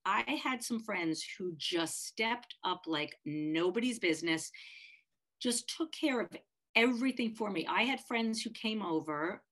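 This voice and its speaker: A middle-aged woman co-hosting a podcast, telling a personal story in a heartfelt, halting way with many restarts. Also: mid-range voice, expressive, fairly bright tone. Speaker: podcast co-host, parent of a child with a disability.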